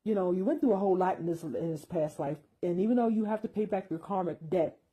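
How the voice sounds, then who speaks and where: A woman voicing a smooth-talking male deity who coaxes someone into a deal, reassuring and persuasive. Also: lowish voice, fast, dark tone. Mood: coaxing.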